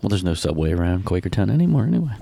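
A man's voice: sits low, big pitch swings, rapid-fire, creaky, mellow. A middle-aged man co-hosting a podcast, easygoing and asking follow-up questions in casual chat. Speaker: podcast co-host.

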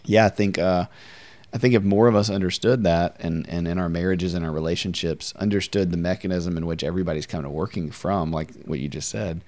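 Very deep-voiced man, earnest host. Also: a little mellow. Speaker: podcast host. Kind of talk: casual faith conversation.

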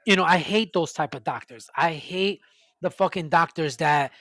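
A man's voice: fairly high pitch, moderate pace, a bit bright, no echo. A man, telling a long, profane, ranting story in a casual chat.

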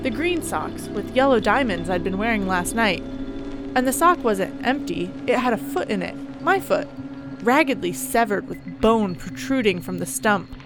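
A weary, sardonic middle-aged counselor narrates his own horror story in the first person, with a woman reading him in her own mid-pitched voice. He speaks at an ordinary pace, and music plays clearly behind him. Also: lively intonation, normal speed, close to an everyday voice. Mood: shaken.

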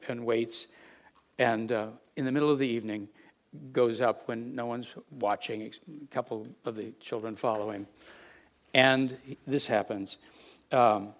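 A man preaching a sermon, halting and restarting often, swinging from hushed asides to emphatic statements. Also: mid-range voice.

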